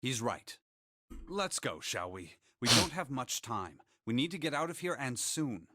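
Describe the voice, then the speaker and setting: An actor playing a calm, formal young nobleman in a game who speaks politely and in measured phrases. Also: mid-range voice, exaggerated voice. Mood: grave.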